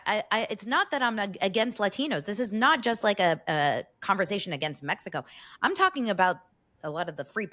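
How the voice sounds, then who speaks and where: A woman co-hosting a podcast in casual chat, rambling and halting with frequent restarts. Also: mid-range voice, fairly bright tone. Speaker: podcast co-host.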